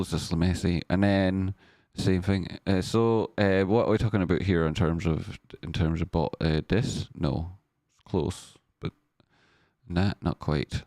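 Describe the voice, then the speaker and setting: Male stream host, low voice, dry close sound, rambling chart chat with jokey asides. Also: darkish tone, no room sound. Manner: thinks aloud over charts. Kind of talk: live chart analysis chat.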